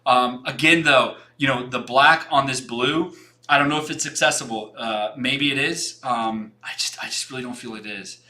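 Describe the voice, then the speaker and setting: A man's voice: medium pitch, moderate pace, pushed and bright. A young man hosting a design livestream, giving frank, rambling portfolio feedback with many restarts and some casual swearing.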